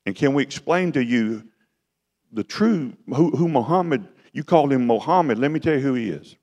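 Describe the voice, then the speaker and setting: A man's voice: animated, moderate pace, dull audio. Guy preaching, folksy and chatty, voice bounces up and down a lot, big hall echo. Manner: folksy, conversational preaching that swells louder and higher. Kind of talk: sermon. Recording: long hall reverb.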